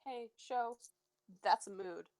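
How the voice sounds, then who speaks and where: A young-sounding woman from Ontario with a light Canadian accent, her voice sitting fairly high. She talks in quick, animated bursts between laughs, cursing casually as she chats with her game group. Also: dry recording. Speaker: tabletop game player.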